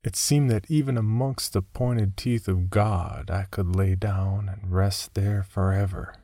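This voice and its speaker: A man reading a first-person horror story aloud in a measured, somber scripted narration. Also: sits low, fairly even intonation, mellow, no room sound, studio quality.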